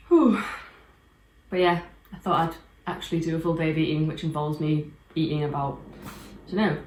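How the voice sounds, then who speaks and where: A young woman talks on in a loose, rambling way, her voice still rough with sleep. She sits a little low in pitch. Her kitchen sounds echoey, and faint clatter of dishes carries behind her. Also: background noise. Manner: chatty, rambling with restarts. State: morning voice, just out of bed. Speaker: fitness vlogger. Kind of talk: casual chat.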